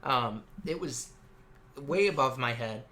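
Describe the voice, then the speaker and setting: A man's voice: mid-range voice, expressive, slow, bright, forceful tone. A man in his twenties co-hosting a casual gaming chat, rambling and swearing freely. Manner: rambling, swears often, many fillers. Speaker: co-host.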